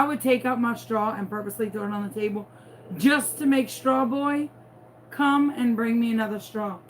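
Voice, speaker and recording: A woman's voice: on the high side, steady tone, moderate pace, slight background noise. A woman from New Orleans with a Southern accent, telling a playful, dramatic story as she crafts. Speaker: crafting vlogger. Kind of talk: chatty storytelling while crafting.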